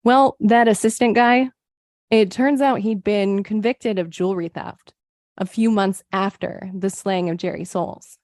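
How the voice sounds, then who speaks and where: A woman's voice: medium pitch, steady tone, a little slow, a little mellow, no echo, studio quality. Woman reading a true crime case. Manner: reads case details from a script, quoting sources. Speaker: podcast co-host. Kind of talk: true crime podcast narration.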